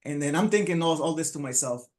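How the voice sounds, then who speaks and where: Halting man telling his life story. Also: a little high, animated, darkish tone. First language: Spanish. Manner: halting, many restarts and fillers. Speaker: motivational speaker. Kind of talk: personal storytelling speech.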